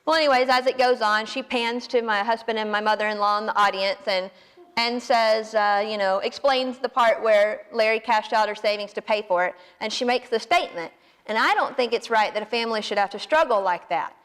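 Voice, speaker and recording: Southern woman, late twenties, folksy animated storyteller, somewhat high voice, long hall reverb. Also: fairly quick, smooth. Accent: Southern American. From American South. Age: 20s. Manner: folksy, animated, self-deprecating. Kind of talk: personal story told to an audience.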